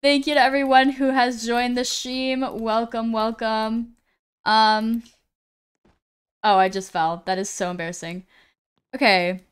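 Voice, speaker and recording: A woman's voice: fairly high pitch, fairly even intonation, measured pace, long pauses, smooth. A woman streaming live, chatting casually as she reads viewers' messages aloud, often stumbling over names and apologizing.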